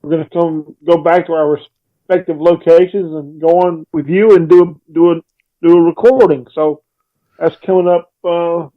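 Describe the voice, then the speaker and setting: A man co-hosting a podcast, chatting in an easygoing, halting way with many fillers. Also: fairly high pitch, steady tone. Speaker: podcast co-host. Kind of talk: casual podcast chat. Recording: dull lo-fi remote line.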